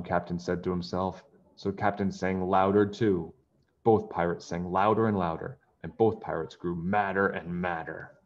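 A man reading a children's pirate story aloud, expressive, with chatty asides to young listeners. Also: low-pitched, moderate pace, dull audio. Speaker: children's book reader.

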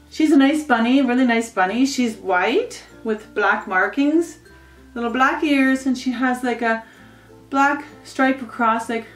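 Casual pet vlogger, woman, higher voice, echoey home room with faint music under it. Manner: chatty, rambling, coos baby talk at her pets. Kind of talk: casual show-and-tell. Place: home with pets.

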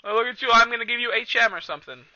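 A man commentating a video game in a loud, profane, excitable way, recorded on a cheap computer mic. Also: very high-pitched, rapid-fire, dry recording, highs cut off. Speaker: let's play host. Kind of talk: casual gameplay commentary.

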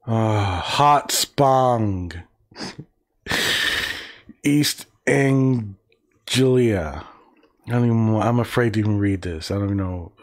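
A man's voice: fairly low pitch, slow, long pauses. A man hosting a casual livestream, reading words aloud and reacting with profane, sarcastic, muttered asides. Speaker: livestream host.

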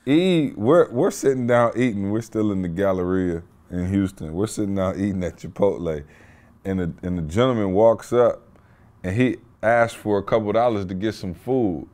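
A man's voice: lowish voice, normal speed, a little mellow. A man hosting a podcast, telling a story in casual, slangy chat. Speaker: podcast host.

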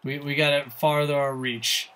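A man streaming a hockey video game live, swearing often and chatting excitedly with his viewers. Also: fairly high pitch, normal speed. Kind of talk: live gameplay commentary.

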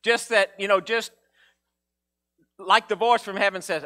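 A man preaching a sermon in a casual, conversational way, acting out Bible figures in a low mumble. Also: expressive, normal speed, pushed and bright. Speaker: pastor.

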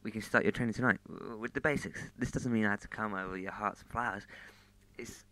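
A man reading the lines of an intense, commanding young man who pleads in a low, hushed, urgent voice, in a plain storybook reading. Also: steady tone, quick pace.

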